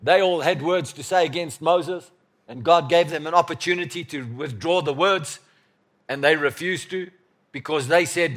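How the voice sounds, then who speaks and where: A man preaching a sermon as pastor, emphatic and repetitive, swinging from loud bursts to quiet murmurs. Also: on the high side, moderate pace.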